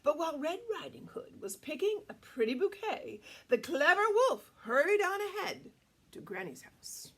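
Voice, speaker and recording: Animated woman reading to children. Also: high voice, normal speed. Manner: animated, asks children questions. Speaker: children's storyteller. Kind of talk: storytime reading aloud to children.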